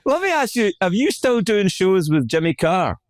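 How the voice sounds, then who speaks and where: A male podcast host in casual chat, animated, laughing easily and swearing casually. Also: sits high, a little slow, no echo, clean studio sound.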